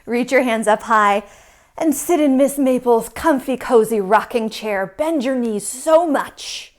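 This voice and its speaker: A woman from Michigan teaching yoga to young children, playful and animated as she talks to small kids. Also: on the high side, measured pace.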